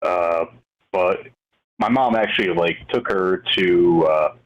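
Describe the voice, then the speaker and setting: American host guy, super deep voice, lots of "like", muffled lo-fi audio. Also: wildly swooping pitch, vocal fry. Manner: halting, many fillers like "like". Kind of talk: casual conversation. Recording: dull lo-fi audio.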